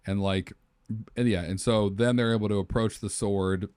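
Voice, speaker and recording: Co-host type, a man with a low-leaning voice, animated storyteller, dry booth sound. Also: normal speed, smooth, dry recording. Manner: animated storyteller, acts out characters' lines. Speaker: podcast co-host. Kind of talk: casual brainstorming chat.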